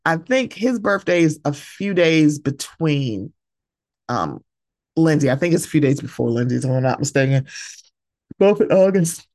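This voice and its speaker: Woman solo podcaster ranting, pitch jumps all over, swears a lot, dry close mic. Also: normal speed, no room sound. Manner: animated and emphatic, swears freely, acts out quoted voices. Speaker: podcast host. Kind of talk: solo casual chat about reality TV.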